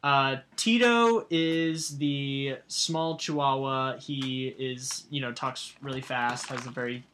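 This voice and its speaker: Bright-voiced woman chatting about a movie. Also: very deep voice, takes it slowly, a little hiss or hum. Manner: relaxed, laughs often, many fillers. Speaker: podcast co-host. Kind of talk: casual chat.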